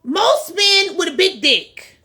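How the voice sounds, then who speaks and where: Blunt woman with a bright voice. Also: extremely high pitch, very animated, takes it slowly. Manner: blunt, frank, many fillers. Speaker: vlog host. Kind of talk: casual monologue. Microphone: phone.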